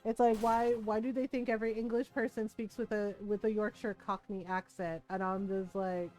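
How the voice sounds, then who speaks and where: A woman's voice: mid-range voice, flat delivery, moderate pace, warm tone, soft background music. A woman streaming a video game, with chatty, rambling commentary and frequent laughter. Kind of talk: casual live-stream commentary.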